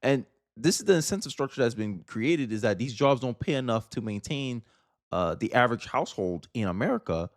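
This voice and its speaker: A man's voice: mid-range voice, animated, fairly quick, dry recording, studio quality. A man giving casual video commentary, blunt and opinionated, ranting about politics.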